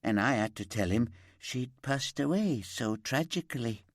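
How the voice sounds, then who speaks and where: A man's voice: medium pitch, animated, unhurried, dry recording, studio quality. A man voicing a chatty middle-aged woman shop worker who rambles and gossips. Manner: gossipy, rambling, eager to help. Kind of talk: audiobook character voice.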